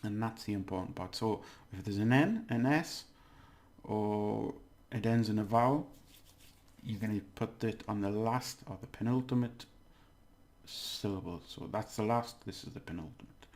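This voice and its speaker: Gravelly-voiced man teaching pronunciation. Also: lowish voice, moderate pace, darkish tone. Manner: chatty, exaggerates words to demonstrate, laughs at own slips. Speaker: language teacher. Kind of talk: casual video lesson.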